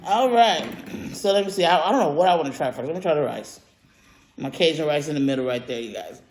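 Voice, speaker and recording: A woman talks to her camera at home with a lively, swooping voice, gushing about her food between mm sounds and fillers. The room is echoey, and the sound comes off a camera mic. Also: low voice, quick pace, a crowd in the background. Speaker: mukbang vlogger. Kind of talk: casual eating vlog chat. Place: at home, indoors.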